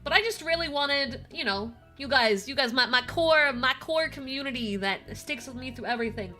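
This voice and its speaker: A woman's voice: high-pitched, expressive, normal speed, bright, forceful tone. A young woman game streamer, reading a visual novel aloud and chatting casually with her viewers, swearing freely. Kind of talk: casual live-stream chat and story reading. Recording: music playing behind the voice. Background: background music.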